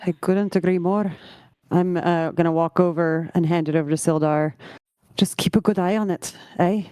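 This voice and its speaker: A woman's voice: lowish voice, steady tone, normal speed, mellow, smooth, dry recording, lightly acted. A friendly female dwarf adventurer in a tabletop game speaks in a hearty, plain way, as a woman plays her. The sound is dry and close.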